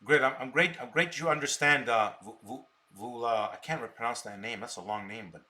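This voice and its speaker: A man with a medium-pitched, sharp voice talks unscripted on a live stream he's hosting. He rants combatively at his viewers and stumbles over repeated words as he goes.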